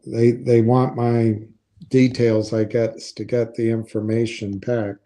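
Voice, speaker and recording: A man's voice: medium pitch, flat delivery, slow pace, warm tone. A man giving casual, skeptical commentary on investing, thinking aloud and reading from a website.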